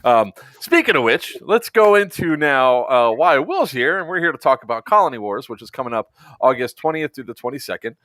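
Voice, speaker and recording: A man co-hosting a casual podcast, chatty and quick to laugh. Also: medium pitch, very animated, fairly bright tone, no echo, clean studio sound. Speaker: podcast co-host.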